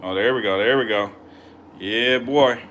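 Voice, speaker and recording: Young californian guy vlogging, bright punchy voice, cussing and hyping it up to the viewers. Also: mid-range voice, a little slow, slight background noise. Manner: slangy, profane, excitable, laughing asides to viewers. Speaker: channel host feeding snakes. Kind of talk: casual vlog commentary.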